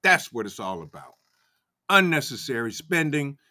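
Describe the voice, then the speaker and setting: A man's voice: medium pitch, very animated, normal speed, sharp tone. A man hosting a casual livestream, fired up and greeting chat viewers by name. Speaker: livestream host. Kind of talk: casual live-chat commentary.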